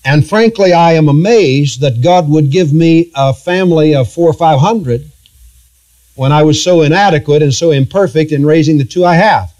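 A middle-aged man pastoring a church, preaching a sermon in an earnest, halting, confessional way with frequent restarts. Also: fairly high pitch, darkish tone.

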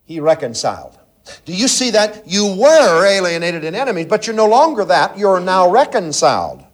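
A man preaching a sermon to a congregation, swinging from loud emphatic lines to hushed, intimate asides. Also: big pitch swings, moderate pace. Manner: preaching with sweeping swings in pitch and loudness, drops to near-whisper asides. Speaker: pastor.

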